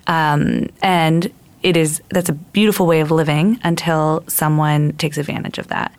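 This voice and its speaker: A woman's voice: deep voice, steady tone, normal speed, clean tone, no echo. A woman giving earnest advice in casual talk, laying it out in numbered steps and acting out inner voices.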